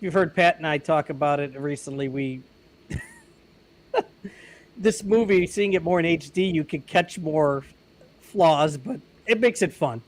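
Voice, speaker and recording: A man's voice: on the high side, lively intonation, takes it slowly, pauses often. A man co-hosting a live movie watch-along, teasing his friend and chatting about the film. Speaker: co-host.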